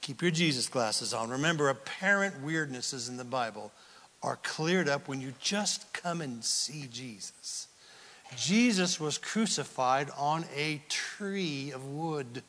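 A man preaching a sermon, animated and casual, acting out Bible scenes in everyday voices. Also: mid-range voice, in a large hall. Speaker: pastor.

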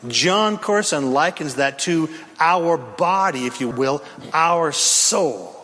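Impassioned high-voiced preacher, echoing hall. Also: male voice, lively intonation, slow. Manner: dramatic, impassioned, shouts at peaks. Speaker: pastor. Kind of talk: sermon.

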